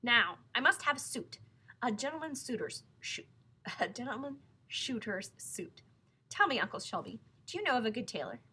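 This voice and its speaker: A woman voicing a young male lion in a storybook reading, polite but greedy and excitable. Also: on the high side, normal speed, slightly rough, voice pushed up, full character voice. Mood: cheerful. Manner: eager, excitable.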